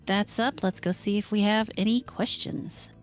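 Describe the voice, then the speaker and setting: A woman's voice: medium pitch, fairly even intonation, moderate pace, faint music behind. A woman co-hosting a podcast, chatting casually with dry jokes and reading out questions. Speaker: podcast co-host. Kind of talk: casual chat.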